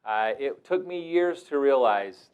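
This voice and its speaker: A middle-aged man telling stories as a teacher, animated and breaking into loud, shouted impressions. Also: mid-range voice, a little slow, smooth, phone-quality sound. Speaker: wilderness mentor and teacher. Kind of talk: storytelling talk.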